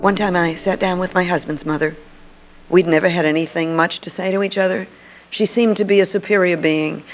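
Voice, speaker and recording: An older woman tells a personal story and acts out the dialogue vividly. Her voice has a gravelly edge. The recording is a muffled, lo-fi archive. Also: fairly low pitch. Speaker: Christian speaker.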